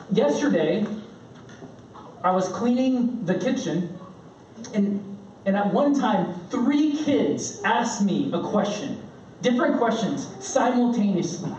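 A man in his thirties preaching a sermon, telling family stories with lively, animated delivery and playful impressions of his kids. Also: high voice. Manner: animated storytelling, acting out his kids' shouts. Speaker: pastor. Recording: roomy, distant, dull sound with faint room noise.

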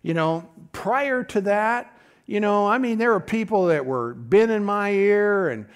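A man's voice: sits high, expressive, measured pace, smooth. A middle-aged man preaching a folksy, conversational sermon, often calling out to his congregation.

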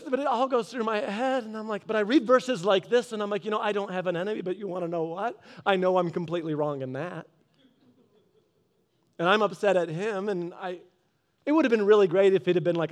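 A man giving a casual devotional talk, telling a story in a lively way and acting out both sides of an argument. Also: high-pitched, a little fast. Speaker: Christian speaker. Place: garage office.

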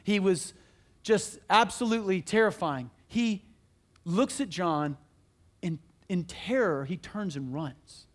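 A man preaching a sermon as pastor, telling a story in an animated, emphatic, conversational way in a church. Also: high voice, slow pace.

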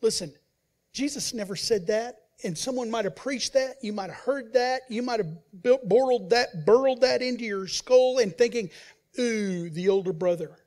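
Man, pastor, sermon, emphatic then hushed, acts out quoted voices. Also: very high voice, normal speed. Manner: swings between loud emphasis and quiet, hushed asides.

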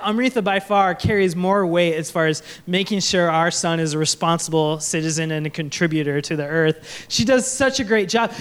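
A man's voice: high-pitched, a bit bright. A young man, a pastor, preaching a sermon to a congregation and slipping into jokey put-on voices when he quotes people. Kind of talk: sermon with comic bits. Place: church stage before a congregation.

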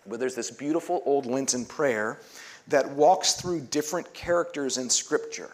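A man's voice: mid-range voice, normal speed. A man preaching a sermon as pastor, earnest, leading a call-and-response prayer and dropping to near-whispers to stress a point.

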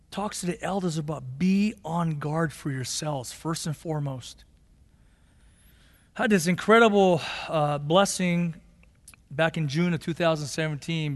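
High-voiced man preaching in a reverberant sanctuary. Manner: impassioned preaching, rising to shouts then dropping low and slow. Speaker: pastor. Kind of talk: sermon. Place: church sanctuary. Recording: long hall reverb of a sanctuary.

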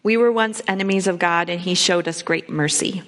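A woman's voice: on the low side, moderate pace, a bit bright. A woman giving a church sermon, reading scripture aloud and then explaining it in plain everyday words with frequent ums. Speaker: lay speaker.

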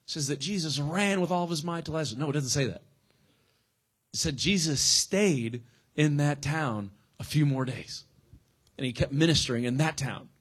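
A man's voice: fairly high pitch, husky. A man preaching a sermon as pastor in a conversational, slangy way, acting out quotes and everyday exchanges.

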